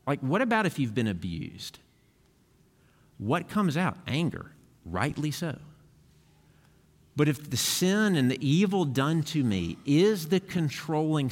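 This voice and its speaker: A male pastor delivering a sermon in an earnest, conversational way, restarting phrases as he goes. His voice sits at an ordinary middle pitch. It rings with a long reverb from the church hall.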